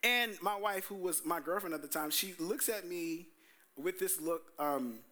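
A man's voice: sits high, measured pace. A young adult man, preaching a sermon as pastor, telling stories animatedly and acting out quotes. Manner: animated storytelling, quoting himself in voices.

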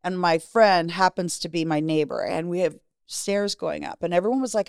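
A middle-aged woman speaks as a guest, her voice sitting a little low. She tells her story frankly, with casual swearing, and acts out the lines of others. The sound is dry and close. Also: normal speed, creaky, hardly any pauses, no room sound. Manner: frank and profane, acting out quoted dialogue. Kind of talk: candid personal storytelling.

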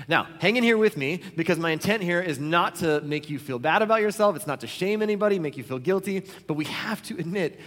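A man preaching a sermon as pastor, talking in a conversational, animated way and acting out the people in his stories. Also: a little high, long reverb tail. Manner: conversational, animated storytelling with quoted voices.

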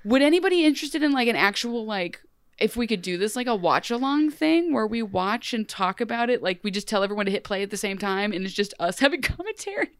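A young woman co-hosting a podcast in a loose, animated, rambling way, often breaking into laughter. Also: on the high side, fast, clean tone, dry recording, studio quality. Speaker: podcast co-host. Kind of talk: casual podcast chat.

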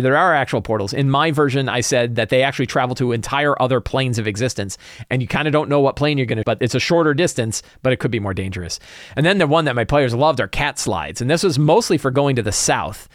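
A man hosting a podcast chats loosely about running a tabletop campaign, wandering into quick asides as he goes. His voice sits at an everyday middle pitch. The recording is dry and close, with no room sound. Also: no echo. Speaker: podcast host and game master.

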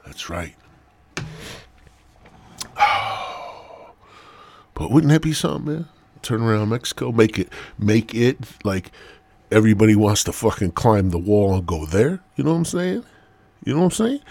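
Low, husky, profane podcast host. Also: male voice, very animated, a little slow, long pauses, darkish tone, dry recording. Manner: rambling, profane, loose. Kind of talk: rambling profane monologue.

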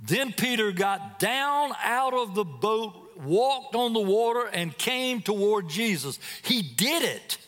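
A man with a high voice delivers a sermon slowly and deliberately as a guest preacher. He retells a scripture story dramatically and puts direct questions to the congregation. His voice rings with a long reverb from a large hall. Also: very animated, a bit bright, faint music behind.

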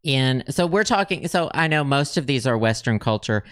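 A man's voice: medium pitch, animated, moderate pace, a bit bright, clear, resonant tone, no echo, clean studio sound. A man hosting a casual podcast, chatting and reading facts aloud with lots of ums. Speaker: podcast host. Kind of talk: casual chat.

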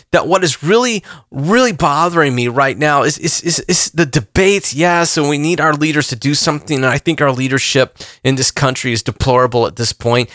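A man's voice: mid-range voice, fairly bright tone, no room sound, clean studio sound. A pastor in his forties delivering an impassioned sermon, earnest and repeating phrases for emphasis. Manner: earnest, repeats himself, rising emphasis on questions.

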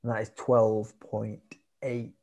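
A man's voice: fairly low pitch, level tone, slow pace, mellow. Laid-back man chatting with a mate. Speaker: podcast guest. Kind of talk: casual chat over video call. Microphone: video call.

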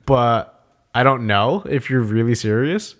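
A man in casual podcast chat, joking around and acting out shouted coaching. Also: medium pitch, animated, unhurried.

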